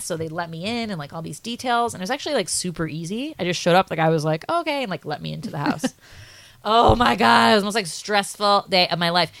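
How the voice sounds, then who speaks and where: A young woman co-hosting a podcast, rambling through a story with constant likes and ums. Her voice sits a little low but comes out bright and forceful, and the recording is close and dry. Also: no echo. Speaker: podcast co-host. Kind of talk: casual storytelling chat.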